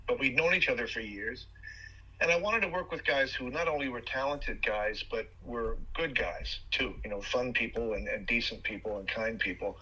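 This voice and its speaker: A man with a very bright, husky voice tells lively stories as a guest on an interview podcast. He restarts phrases and fills pauses as he goes. The sound is muffled and lo-fi. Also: medium pitch. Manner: animated storyteller, frequent fillers and restarts. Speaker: guest actor.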